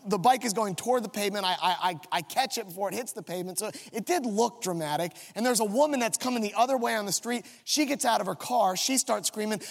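High, gravelly pastor in a big hall. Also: male voice, fast, few pauses. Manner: self-mocking, comic storytelling. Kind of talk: storytelling sermon. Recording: long reverb of a large hall.

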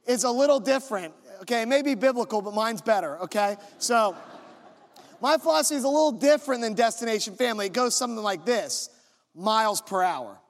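A man preaching a sermon as pastor, telling stories in an animated, conversational way. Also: high voice, brisk, long reverb tail.

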